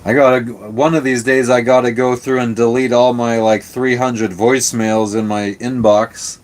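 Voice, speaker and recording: A man's voice: mid-range voice, little pitch movement, moderate pace. A man hosting a live stream from his sailboat, chatting casually with viewers, laid-back and rambling, swearing freely. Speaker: livestream host answering chat.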